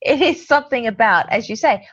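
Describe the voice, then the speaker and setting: A woman's voice: a little high, animated, brisk, fairly bright tone, dull audio. A woman co-hosting a casual chat, agreeing and adding her own examples.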